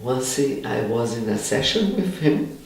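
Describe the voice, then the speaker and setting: A man, a body psychotherapist, answering interview questions animatedly in halting English full of "you know". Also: mid-range voice, expressive, vocal fry. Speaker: body psychotherapist and training lecturer. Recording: roomy, distant mic, faint background noise.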